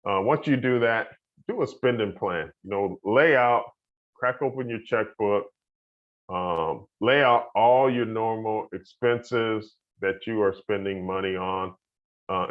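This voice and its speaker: A man's voice: fairly low pitch, measured pace. A man giving a home buyer presentation as a loan officer, talking in a casual, folksy way with fillers and the odd chuckle. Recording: dull lo-fi audio.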